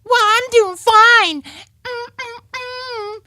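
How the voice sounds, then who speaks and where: A man voicing his own hand as a cheeky, squeaky little male figure that teases and sasses back. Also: extremely slow, bright, forceful tone, exaggerated voice. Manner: high squeaky, sassy and teasing.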